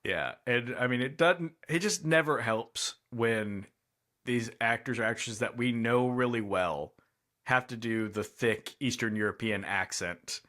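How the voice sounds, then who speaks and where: A man co-hosting a casual movie review chat, speaking in a thoughtful, hedging way with frequent pauses and fillers. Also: medium pitch, sharp tone. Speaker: podcast co-host.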